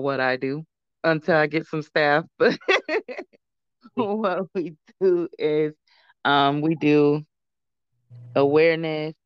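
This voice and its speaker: Woman guest, earnest testimony, smooth clear voice, dry and slightly dull call audio. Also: low voice, no echo. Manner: earnest, animated, acts out quoted voices. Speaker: guest, founder of a support program. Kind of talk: casual interview testimony.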